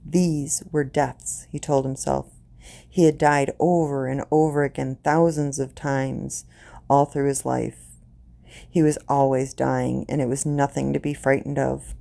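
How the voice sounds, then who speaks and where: Creaky, deep-voiced woman storyteller. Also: flat delivery, mellow. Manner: slow, deliberate, grim reading. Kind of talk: reading a short story aloud.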